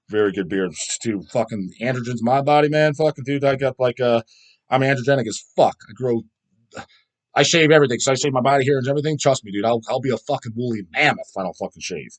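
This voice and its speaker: A man's voice: mid-range voice, fast talker. A man in his thirties hosting his own channel, reading viewer comments and answering in a blunt, profane, casual rant with frequent laughs. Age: 30s.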